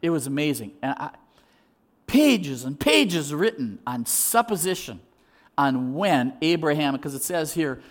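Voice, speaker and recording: Man, pastor, sermon, animated, restarts with repeated words, fairly high voice. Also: a little slow.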